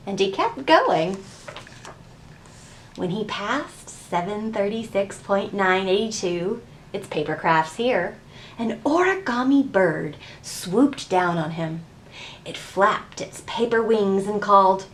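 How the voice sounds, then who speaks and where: Expressive woman reading a picture book. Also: mid-range voice, slow pace, a little hiss or hum. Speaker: children's librarian.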